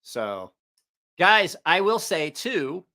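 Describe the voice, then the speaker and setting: Man, live-stream host, casual storytelling, profane, rambling, laughs a lot, bright tone. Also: high-pitched, sing-song, drawn-out words. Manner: rambling, profane, laughs at his own stories.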